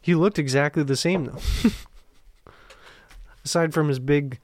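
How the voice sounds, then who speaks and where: A man's voice: a little high, brisk. A man co-hosting a casual podcast chat, rambling, profane and grumbling. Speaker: podcast co-host.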